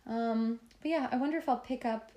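A woman with a Canadian accent talks through a late-night podcast in a loose, chatty way, tired but laughing often. Her voice sits a little high and sounds mellow. The room gives her an echoey sound. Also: fairly quick. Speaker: podcast co-host. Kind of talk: casual late-night chat.

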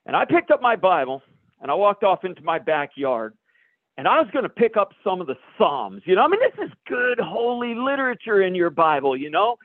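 A pastor telling a personal story in a sermon, a lively storyteller who acts out the dialogue. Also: male voice, high-pitched, a little fast, dry recording. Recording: dry, phone-like radio broadcast.

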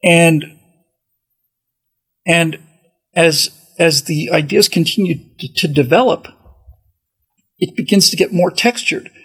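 A man's voice: on the high side, takes it slowly, pauses often, fairly bright tone, poor audio. A man hosting a podcast in a casual, rambling monologue, often restarting his sentences. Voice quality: very gravelly, raspy voice. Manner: rambling, with many restarts and asides. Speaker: podcast host.

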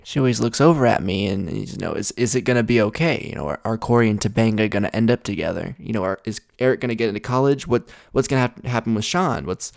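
A man's voice: fairly low pitch, gravelly, no echo, studio quality. A young man hosting a podcast, telling rambling, self-deprecating stories in a blunt, casual way. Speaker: podcast host. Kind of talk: casual storytelling monologue.

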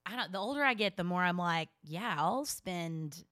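A woman's voice: lowish voice, expressive, normal speed, a bit bright, no echo, clean studio sound. A woman co-hosting a podcast, chatting casually and giggling, with many fillers. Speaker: podcast co-host. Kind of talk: casual chat.

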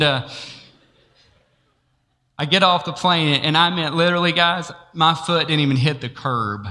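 A man's voice: mid-range voice, bright, forceful tone. A man preaching a sermon who tells a personal story, acts out the dialogue and laughs often. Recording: long reverb of a large hall.

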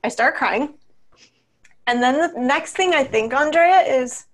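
A woman's voice: high-pitched, expressive, measured pace. A woman guest on a podcast, a coach speaking earnestly and reflectively in casual chat, laughing easily.

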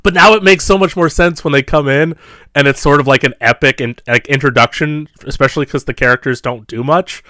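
A man's voice: fairly high pitch, brisk, sharp tone, dry recording, clean studio sound. A young man co-hosting a podcast, chatting casually about movies with lots of fillers and asides. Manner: chatty, rambling movie talk with frequent fillers. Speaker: podcast co-host.

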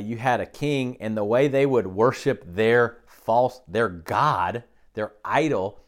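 Guy preaching a sermon, chatty and down to earth, keeps asking "okay?", normal pitch. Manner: conversational preaching with frequent "okay?" check-ins. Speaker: pastor.

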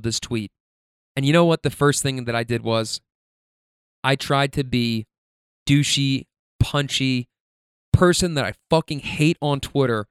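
A man in his thirties speaks in a candid personal monologue, swearing freely and stumbling into repeated words when emphatic. His voice is smooth and resonant, at a middling pitch. It is recorded close up in a dry space. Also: no echo. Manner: emphatic, profane, halting repetitions.

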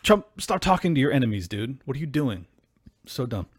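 A man hosting a solo political podcast, ranting in a heated, profane, combative way that breaks into yelling. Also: medium pitch, big pitch swings, a little fast, slightly rough, dry recording, clean studio sound. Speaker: podcast host.

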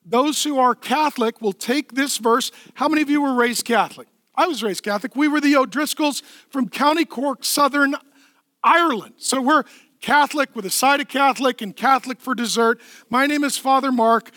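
A man's voice: extremely high pitch, moderate pace, sharp tone, no room sound, clean studio sound. A man preaching a sermon as pastor, emphatic and conversational, asking the crowd questions and answering them himself.

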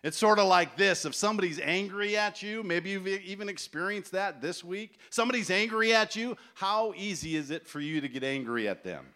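A man in his forties preaching a sermon at a festival, telling stories with animated acted-out voices. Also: sits high, a little fast, few pauses. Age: 40s. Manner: animated storytelling, acts out voices. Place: large tent festival gathering.

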